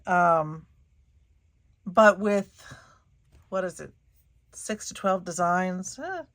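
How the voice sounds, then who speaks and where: A woman's voice: on the low side, very slow. A woman hosting her craft channel, chatting casually and giggling through a paper haul with lots of fillers. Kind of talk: casual haul video chat.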